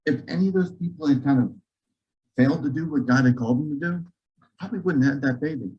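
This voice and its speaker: A man, a physician, telling a story to a church gathering in a lively, joking way, acting out the dialogue. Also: a little high, quick pace, highs cut off. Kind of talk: storytelling talk to a church audience. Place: church auditorium.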